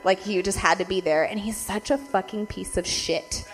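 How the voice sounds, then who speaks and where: A young woman telling a story to her viewers. She talks fast with constant "like" fillers, heavy swearing and frequent laughs, and her voice jumps in pitch and loudness as she rants. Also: faint music behind. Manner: animated swings in loudness and pitch when ranting. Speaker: vlogger.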